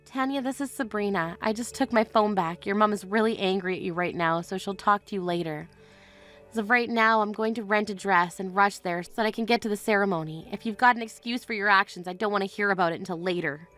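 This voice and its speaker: A woman's voice: mid-range voice, fast talker, fairly bright tone, soft background music, natural voice. A woman voicing a young bride in a text-message story, firm and indignant toward her sister-in-law. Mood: cold.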